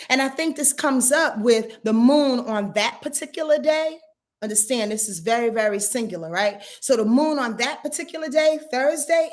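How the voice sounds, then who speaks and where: A woman giving a casual astrology forecast, talking in an earthy, emphatic way and swearing freely. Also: on the high side.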